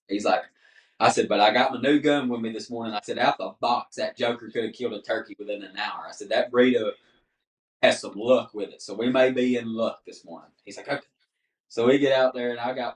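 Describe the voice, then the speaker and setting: A man, a podcast guest telling a story in casual chat and acting out the dialogue. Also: on the low side. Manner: animated storyteller, acts out dialogue. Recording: roomy, mic at a distance.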